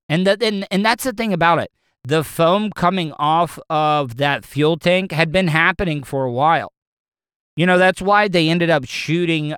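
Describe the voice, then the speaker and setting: A man's voice: a little high, fairly bright tone, clean tone, dry recording, clean studio sound. A man talking casually and at length, rambling and restarting his sentences often. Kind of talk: casual opinion talk.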